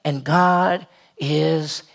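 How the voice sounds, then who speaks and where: A man's voice: fairly high pitch, steady tone, very slow, vocal fry. A man who is a senior pastor, preaching a conversational sermon and acting out the people he quotes.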